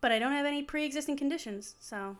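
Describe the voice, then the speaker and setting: A young woman co-hosting a podcast, chatting casually and reacting with quick questions and laughs. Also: high voice. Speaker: podcast co-host. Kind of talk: casual chat.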